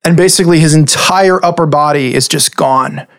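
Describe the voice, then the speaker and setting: A man running a tabletop game as game master, ruling quickly and narrating the fight vividly, often with a laugh. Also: a little high, fairly bright tone.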